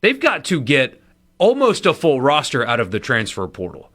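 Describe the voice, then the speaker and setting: Animated male sports radio co-host. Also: medium pitch, moderate pace. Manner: animated, lively inflection, runs winner and loser segment. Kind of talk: casual sports talk.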